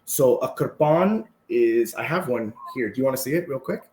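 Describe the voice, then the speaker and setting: A man's voice: mid-range voice, moderate pace, roomy sound, slight background noise. A Canadian man speaking casually as a podcast guest, keeps adding "right?" to his sentences. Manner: relaxed, tags sentences with "right?". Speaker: podcast guest, martial arts instructor. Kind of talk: casual conversational storytelling.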